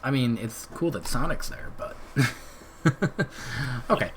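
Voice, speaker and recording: Slow, laid-back male streamer. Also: medium pitch, animated, noisy background. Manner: laid-back, rambling, laughs often. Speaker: streamer host. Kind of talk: casual live-stream chat.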